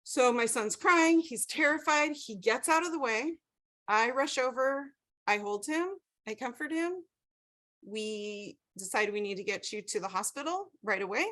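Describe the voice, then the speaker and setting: A woman's voice: fairly high pitch, lively intonation, measured pace, fairly bright tone. A woman teaching a class over a video call, telling a story with animation and checking in with the group. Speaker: class instructor.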